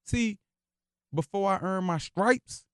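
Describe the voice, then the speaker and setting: A man's voice: high-pitched, takes it slowly, fairly bright tone, clean tone, dry recording, clean studio sound. A man, a rapper being interviewed on the radio, talking in an emphatic, philosophical way and repeating himself for stress. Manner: emphatic, philosophical, repeats phrases like "you hear me". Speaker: rapper guest. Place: radio studio. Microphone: studio microphone.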